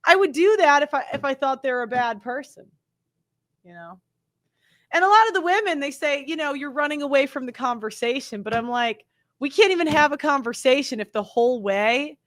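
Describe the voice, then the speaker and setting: A woman's voice: sits high, expressive, normal speed, fairly bright tone, dry recording. A young woman hosting her own show, talking in an indignant, defensive monologue full of "like" and "you know", acting out the people she quotes. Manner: mimics others in quoted lines. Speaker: show host. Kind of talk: opinionated monologue to camera.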